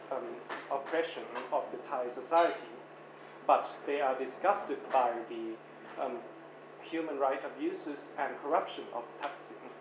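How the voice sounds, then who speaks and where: A man speaks up from the audience in a hesitant, halting way, stopping often with fillers. His voice comes through a dull, lo-fi recording in an echoey lecture hall with steady background noise. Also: medium pitch. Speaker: audience member. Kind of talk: public Q&A comment. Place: university lecture room.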